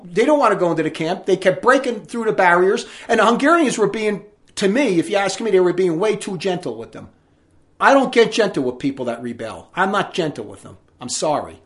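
A man delivering an indignant, forceful monologue with emphatic delivery. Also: sits high. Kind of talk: ranting monologue commentary.

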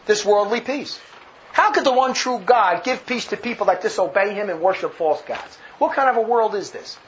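Fiery, sarcastic high-voiced man. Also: expressive, normal speed. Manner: emphatic, sarcastic, laughs at his own jabs. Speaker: religious commentator. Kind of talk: ranting commentary on a speech. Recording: dull lo-fi with faint noise.

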